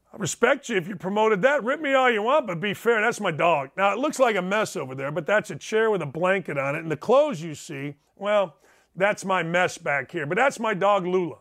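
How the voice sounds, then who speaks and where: A man's voice: high voice, a bit bright. A middle-aged man hosting a sports talk show from home, ranting in an emphatic, sarcastic and digressive way. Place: home studio.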